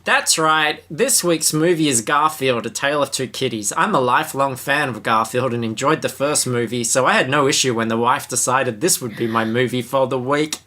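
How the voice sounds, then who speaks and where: A man's voice: medium pitch, moderate pace, few pauses, pushed and bright. A man co-hosting a podcast, reading from a book and breaking off for sarcastic, jokey asides. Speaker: podcast co-host. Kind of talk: casual podcast chat, reading a book aloud.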